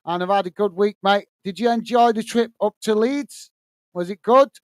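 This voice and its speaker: A man's voice: sits high, normal speed, no echo. A British man hosting a live football watch-along stream, reading viewers' chat comments aloud in a friendly way and calling them mate.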